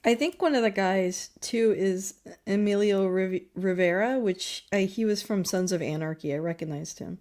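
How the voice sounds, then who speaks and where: A woman's voice: mid-range voice, moderate pace, hardly any pauses, darkish tone. A woman in a casual movie podcast chat, thoughtfully working through what drives the characters. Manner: thoughtful, interprets characters' motives.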